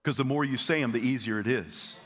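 This energetic sermon comes from a medium-pitched pastor in a church auditorium, who prompts the congregation to repeat his lines. He sometimes stammers and repeats himself and slips in brief asides.

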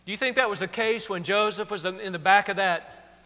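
Guy preaching a sermon, bright tone, acts out the quotes, big echoey hall. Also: high voice, fairly quick. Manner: conversational, acts out quotes with rising emotion. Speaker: pastor.

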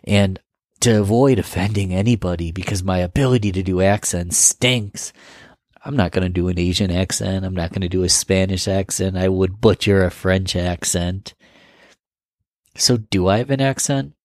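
Deep-voiced man from Western New York. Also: normal speed, dry recording, studio quality. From Rochester, New York. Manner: musing, asks the listener questions. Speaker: vlogger. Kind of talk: casual monologue to camera.

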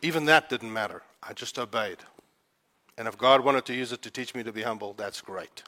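A man's voice: mid-range voice, a little fast, sharp tone. A man from Africa, preaching a sermon in a fervent, conversational storytelling way. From South Africa. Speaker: pastor.

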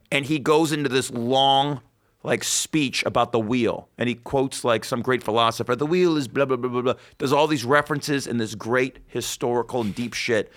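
A man's voice: mid-range voice, a bit bright. A man in his thirties co-hosting a casual chat, profane and riffing with movie references. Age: 30s. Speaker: podcast co-host.

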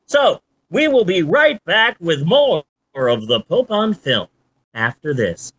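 A podcast host in their forties in casual chat, animated and swearing freely. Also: medium pitch, slow pace, breathy edge, highs cut off. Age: 40s.

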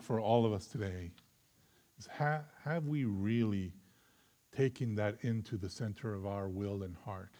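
A man preaching a sermon with earnest conviction, moving between loud emphatic stretches and quiet reflective ones before closing in prayer. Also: fairly low pitch. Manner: closes in prayer. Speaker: pastor.

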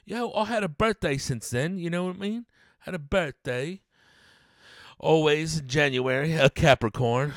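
A man's voice: on the high side, a little slow, dry recording, clean studio sound. A man hosting a solo podcast, rambling loosely and swearing, calling everyone dude and man. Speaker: podcast host. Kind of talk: casual solo podcast chat. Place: home studio room.

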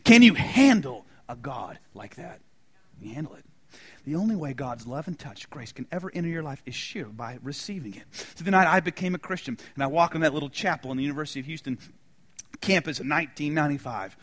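A middle-aged man preaching a sermon, swinging from loud, emphatic lines to soft near-whispers. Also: mid-range voice, husky. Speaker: pastor.

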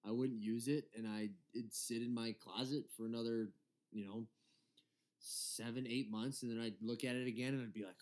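A man's voice: medium pitch, fairly even intonation, a little fast, a little mellow. A young man in his twenties from Michigan, co-hosting a casual podcast and telling a story with lots of laughter and swearing. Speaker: podcast co-host.

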